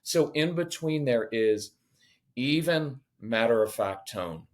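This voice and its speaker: A man on a parenting podcast, talking in a lively, conversational teaching way, acting out quoted voices and joking now and then. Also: medium pitch, slow pace. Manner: animated, acts out quoted voices, jokes.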